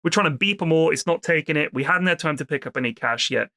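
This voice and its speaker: Uk guy on a podcast ranting about his holiday, bright voice, swears a lot, dry close sound. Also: fairly high pitch, fast, dry recording. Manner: animated, swears freely, acts out people in anecdotes. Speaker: podcast co-host. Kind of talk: casual storytelling chat.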